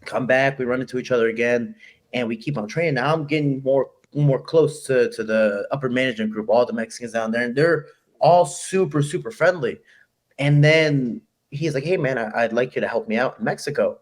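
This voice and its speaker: A young man from Chicago, a fighter being interviewed, telling stories in an animated, quick, casual way and acting out what people said. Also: medium pitch. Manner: animated, quick, acts out quoted voices. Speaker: guest fighter.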